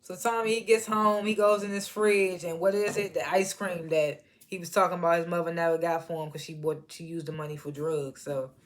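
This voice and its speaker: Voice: medium pitch, steady tone, a little fast, few pauses. Laid-back show reviewer running thru the episode, slangy and chatty, chuckles now and then. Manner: loose slangy storytelling, chuckles at scenes. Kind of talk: casual episode recap.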